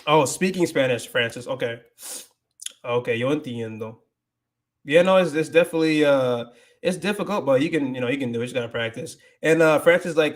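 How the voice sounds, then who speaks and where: A man's voice: medium pitch, fairly quick. A man hosting a casual livestream, rambling with many restarts, switching between English and Spanish and reading viewer comments aloud. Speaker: livestream host.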